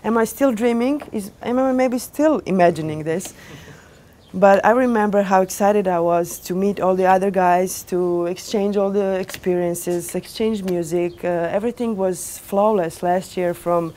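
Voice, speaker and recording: A young woman DJ telling her story to an audience in animated, non-native English with small grammar slips, lots of fillers and restarts. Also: medium pitch, moderate pace. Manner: animated, acts out quoted dialogue. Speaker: DJ giving a lecture.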